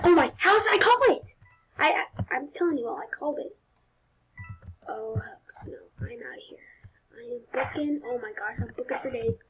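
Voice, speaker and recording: A woman's voice: high voice, slight background noise. A young woman commenting on a video game as she plays, turning panicky and often dropping to a whisper. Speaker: gaming video host. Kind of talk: live gameplay commentary.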